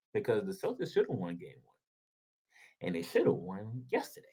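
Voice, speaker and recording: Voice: mid-range voice, sing-song, brisk, husky. A sports show host delivering a heated solo rant, sarcastic and casual, firing off rhetorical questions and repeating points for emphasis.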